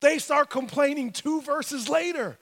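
A male pastor preaching a sermon in an animated, humorous storytelling manner in a church. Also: very high voice, unhurried. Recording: long hall reverb.

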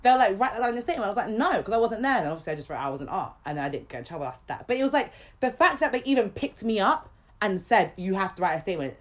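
Casting: young woman, podcast co-host, lively storyteller who swears a lot and does the other voices, mid-range voice. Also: medium pitch, racing. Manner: animated, swears freely, acts out other people's lines. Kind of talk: casual storytelling chat.

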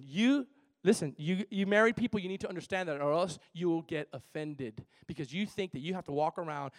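A man preaching a sermon in an animated, playful way, moving between loud and soft. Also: on the high side. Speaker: pastor.

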